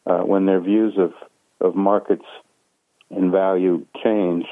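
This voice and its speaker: A man with a very low voice speaks as a guest analyst over a tinny phone line. He talks in a measured way, stopping often on fillers and restarts. The sound is dry and close, with no room around it. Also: flat delivery, no room sound. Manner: measured, hesitant with many fillers. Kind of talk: phone interview.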